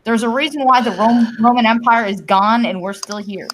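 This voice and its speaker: A woman's voice: fairly high pitch, normal speed, a little hiss or hum, rough recording. Opinionated woman podcast host from Canada. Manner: opinionated, explains at length, swears casually. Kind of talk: casual live-stream talk.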